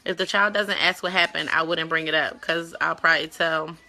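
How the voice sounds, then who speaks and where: Brief: young woman hosting a casual web talk show, playful and profane, sharp bright voice. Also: low-pitched, fairly even intonation, brisk. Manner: blunt, profane, playful, with loud mock-disgusted outbursts. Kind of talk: casual chat, reacting to viewer stories.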